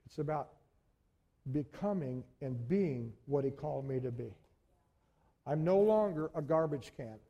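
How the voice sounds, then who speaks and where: High-voiced animated male preacher. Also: a little slow, pauses often, husky, dull audio. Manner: animated storytelling, addresses congregation as folks. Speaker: pastor. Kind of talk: sermon. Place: church.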